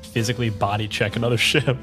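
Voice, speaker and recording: A man runs a tabletop game as game master, describing scenes loosely with lots of "like" and "uh." His pitch is mid-range. Music plays behind him. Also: fairly even intonation, quick pace. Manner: casual, filler-heavy narration with laughs.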